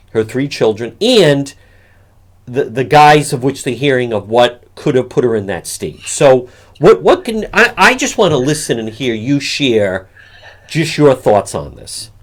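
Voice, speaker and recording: A man hosting a talk radio show, introducing a caller in an earnest, measured, reassuring way. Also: medium pitch.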